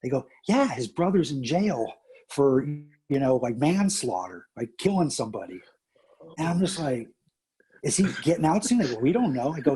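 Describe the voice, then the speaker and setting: A man's voice: normal speed, a crowd in the background. A middle-aged man, a teacher and coach, telling stories in a casual interview and acting out the people he quotes with big jumps in his voice. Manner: animated, acts out quotes with big pitch jumps.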